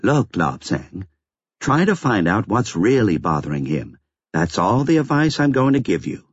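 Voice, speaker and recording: A man's voice: lowish voice, sing-song, moderate pace, husky, dry recording. A man voicing an unflappable older woman in an audiobook, wry and matter-of-fact, on a slightly dull lo-fi recording. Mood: firm. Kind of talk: audiobook character voice.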